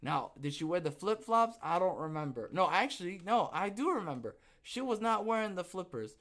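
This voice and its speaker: A man's voice: high-pitched, very animated, brisk, fairly bright tone. A man hosting a livestreamed podcast, talking casually and rambling, often laughing and tagging his sentences with "okay?". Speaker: podcast host.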